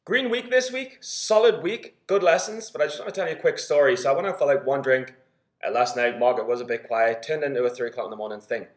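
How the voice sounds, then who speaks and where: A young man with a Geordie accent, talking casually and upbeat to camera, his voice slightly hoarse. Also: mid-range voice, fast. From Newcastle, England. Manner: chatty and upbeat, laughs while talking, swears casually. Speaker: trading vlogger. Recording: echoey room.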